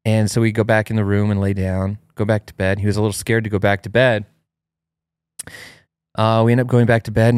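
A man in his thirties hosting a casual chat, telling a family story in an animated way and jumping into a high voice when he quotes his child. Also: clear, resonant tone, no echo, clean studio sound. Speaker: host.

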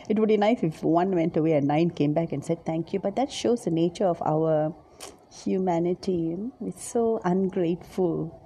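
A woman Bible teacher gives a devotional reflection on the Bible in a fairly low voice with vocal fry. Her speech is gentle and halting, with repeated words and occasional drops to a soft whisper, over slight background noise.

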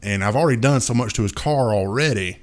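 A man's voice: mid-range voice, fast. Rambling male podcast storyteller. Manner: rambling storyteller, makes sound effects. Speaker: podcast co-host. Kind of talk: casual chat.

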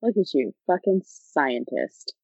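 A woman's voice: low voice, very animated, takes it slowly, gravelly, a little mellow, breathy edge, dry recording. A young woman co-hosting a podcast in casual chat, laid-back and joking, swearing casually. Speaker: podcast co-host. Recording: dull lo-fi dry sound.

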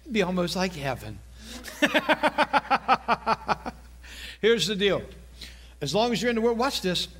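Middle-aged male preacher, high-pitched, conversational and animated from the pulpit. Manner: storytelling preacher, animated, repeats phrases, quick asides. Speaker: pastor. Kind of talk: sermon.

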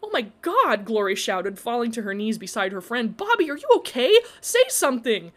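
A woman's voice: medium pitch, steady tone, brisk, close to an everyday voice. A woman voicing a worried, practical young woman in a storybook, with urgent and emphatic delivery. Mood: alarmed. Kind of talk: storybook character voice.

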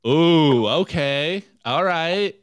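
A man co-hosting a casual podcast, reviewing memes with animated, jokey delivery and frequent laughs. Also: a little high, very slow, clean tone, no room sound, studio quality. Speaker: co-host.

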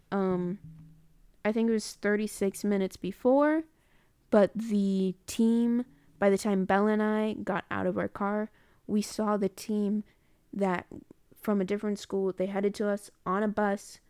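A woman's voice: mid-range voice, steady tone, unhurried, darkish tone, clean tone, no room sound, studio quality. A woman telling a story in a casual audio diary, rambling and correcting herself as she goes. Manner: rambling, chatty, corrects herself mid-sentence. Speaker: student recording a personal audio diary.

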